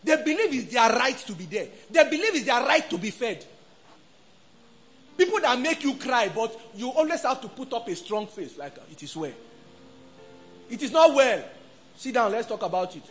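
A man's voice: extremely high pitch, normal speed, soft background music. A middle-aged man with a Nigerian accent, preaching a sermon and leading call-and-response with his congregation. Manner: animated, call-and-response preaching, acts out quoted voices. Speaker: pastor.

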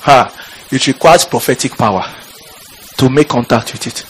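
A man preaching a fiery sermon in church, shouting out scripture and calling on the congregation. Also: medium pitch, moderate pace, slight background noise, poor audio.

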